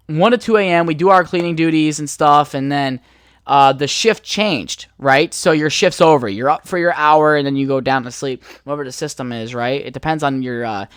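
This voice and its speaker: A man's voice: fairly high pitch, normal speed, fairly bright tone, clean tone, dry recording, studio quality. A young man hosting a podcast, telling a rambling story in a laid-back, profane way full of fillers. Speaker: podcast host. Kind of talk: casual storytelling.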